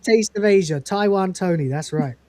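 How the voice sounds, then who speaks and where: A woman's voice: medium pitch, moderate pace, a crowd in the background. A woman co-hosting a casual review chat who retells scenes, quoting the lines in character and laughing often. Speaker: podcast co-host reviewing episodes.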